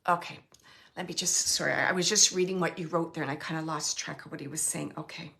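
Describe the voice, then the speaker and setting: A woman working as a psychic medium, relaying messages in a halting way, repeating herself and dropping into whispered asides. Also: low voice, steady tone, creaky, bright, forceful tone. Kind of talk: live spirit reading.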